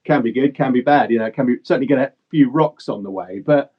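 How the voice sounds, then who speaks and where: A man's voice: mid-range voice, quick pace, breathy edge. A man hosting a podcast, talking casually and rambling with lots of fillers and restarts over a video call. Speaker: podcast host. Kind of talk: casual conversation. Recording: slightly dull lo-fi call audio.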